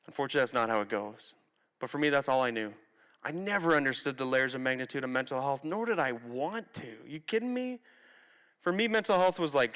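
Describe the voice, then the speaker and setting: A young man from Canada tells his story to students from a theatre stage, candid and conversational, sometimes slipping into the voices of the people he quotes. His voice is bright and crisp. A long hall reverb trails behind every phrase. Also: on the high side. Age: 20s. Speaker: motivational speaker. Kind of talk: personal story talk to students.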